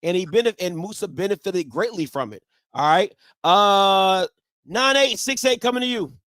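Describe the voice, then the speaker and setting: A man's voice: high-pitched, lively intonation, normal speed, fairly bright tone, no echo. A man hosting a sports talk show, debating football in an emphatic style and repeating his points.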